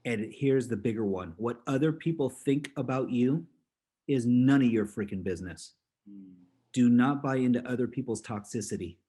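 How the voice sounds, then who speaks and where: A man giving an upbeat motivational talk at an ordinary middle pitch. He laughs often and slips into little character voices as he tells his stories. His delivery swings between fast bursts and slow, stressed words. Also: mellow, husky. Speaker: motivational speaker.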